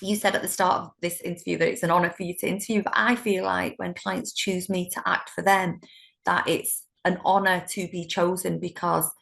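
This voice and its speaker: Gravelly-voiced British woman telling stories. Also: on the low side, a little fast. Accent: British English. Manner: warm, animated storytelling with laughs. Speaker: solicitor, interview guest. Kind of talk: conversational interview.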